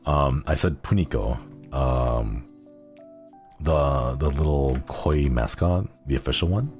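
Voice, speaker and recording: Young guy w a super deep voice just rambling on stream, laughs a lot, gets sidetracked. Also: slow, a little mellow, soft background music. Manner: rambling, giggly, easily sidetracked. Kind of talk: casual livestream chat.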